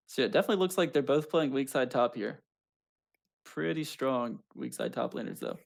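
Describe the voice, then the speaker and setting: A man's voice: medium pitch, normal speed, creaky, long pauses. Laid-back male esports caster. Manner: laid-back, self-mocking humor. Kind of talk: casual esports commentary.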